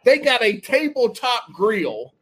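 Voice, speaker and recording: A man from South Carolina with a Southern accent, swearing freely as he tells loud, animated stories as a podcast guest. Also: extremely high pitch, slow. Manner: loud, animated storytelling with heavy swearing and drawled Southern slang. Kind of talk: profane casual banter.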